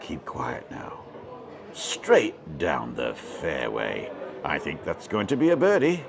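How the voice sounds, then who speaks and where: A man putting on the voice of a hushed golf commentator, speaking slowly and quietly. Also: extremely low pitch, wildly swooping pitch, vocal fry, crowd noise, pitched below the performer's own voice, exaggerated voice.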